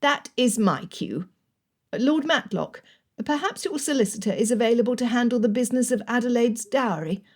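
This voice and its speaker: A woman's voice: a little high, lively intonation, normal speed, voice pushed up. A woman voicing a shrewd older aunt who speaks in a dry, knowing manner. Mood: wry.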